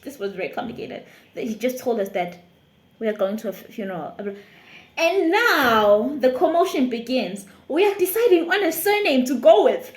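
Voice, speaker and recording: A South African woman, a YouTuber, telling a lively storytime tale with frequent laughter. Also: sits high, normal speed, echoey room. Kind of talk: storytime vlog.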